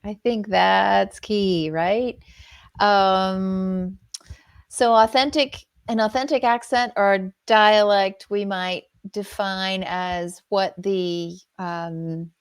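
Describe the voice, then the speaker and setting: A woman's voice: mid-range voice, fairly even intonation, extremely slow, smooth, no echo, clean studio sound. A woman co-hosting a casual podcast, explaining ideas in a thoughtful, careful way. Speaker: co-host, dialect coach.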